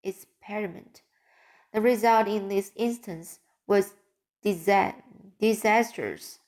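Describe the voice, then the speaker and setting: A woman's voice: medium pitch, slow, a little mellow. A woman reading a classic novel aloud as an audiobook. She often stops and restarts words. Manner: careful, with frequent restarts of words. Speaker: audiobook reader. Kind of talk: audiobook narration.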